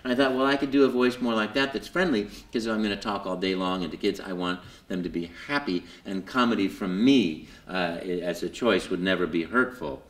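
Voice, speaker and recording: A man being interviewed at a convention, telling his story with lots of fillers and jumping into high put-on voices for quotes. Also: brisk, hardly any pauses, reverberant. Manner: lots of fillers and repeated words. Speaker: voice actor guest. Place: convention hall.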